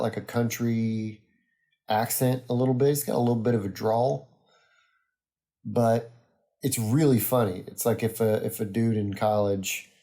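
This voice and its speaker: Young male podcast host, a little low and warm, easygoing and rambly. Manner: rambling, easygoing, many ums and uhs. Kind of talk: casual solo podcast monologue.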